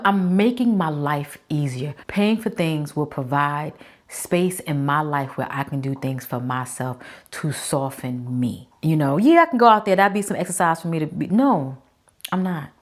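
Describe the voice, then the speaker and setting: A woman in her forties with a low voice, hosting her own show and talking frankly to the listener. She is chatty and emphatic, leaning on words for effect and speaking to the audience as a friend. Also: moderate pace. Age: 40s. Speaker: podcast host. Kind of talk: casual talk to camera.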